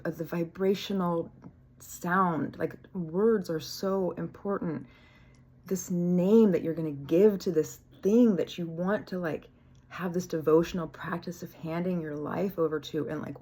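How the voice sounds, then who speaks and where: A woman with a low, gravelly voice talks through a casual spiritual vlog. She is candid and a little rambling. She swears freely and laughs at herself. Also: darkish tone. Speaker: spiritual vlogger.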